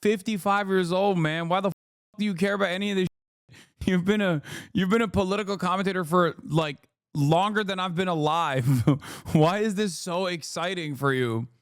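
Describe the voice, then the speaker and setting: A man's voice: high-pitched, clean tone, no echo, studio quality. A man in his thirties doing sarcastic, mocking reaction commentary on a live stream. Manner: sarcastic, mocking, quick asides.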